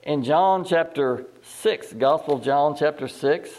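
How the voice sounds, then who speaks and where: Higher-voiced man preaching a sermon. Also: measured pace, a little mellow. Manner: reads scripture aloud and asks the listeners questions; repeats words and restarts phrases. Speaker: pastor.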